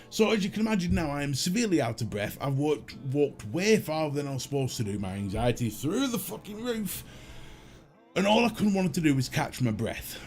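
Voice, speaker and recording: A man's voice: on the high side, darkish tone. A middle-aged British man hosting a livestream, telling a story in a casual, profane, self-mocking way. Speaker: livestream host.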